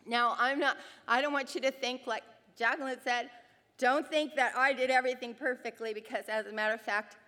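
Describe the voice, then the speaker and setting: Middle-aged woman, high voice, animated storyteller, faith talk to mothers, long hall reverb. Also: brisk. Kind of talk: faith-based talk with personal stories.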